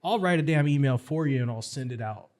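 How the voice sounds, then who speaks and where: A man's voice: medium pitch, animated, quick pace, a little mellow. A middle-aged man talks on a podcast as a firearms instructor guest. His voice sits mid-range, and he talks bluntly and with animation. He builds his stories toward rallying calls. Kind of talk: casual podcast conversation.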